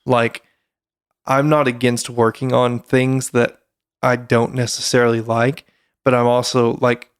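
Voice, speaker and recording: A man's voice: medium pitch, little pitch movement, measured pace, clear, resonant tone, dry recording, clean studio sound. A man, co-hosting a casual podcast, rambling with fillers and restarts. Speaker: podcast co-host.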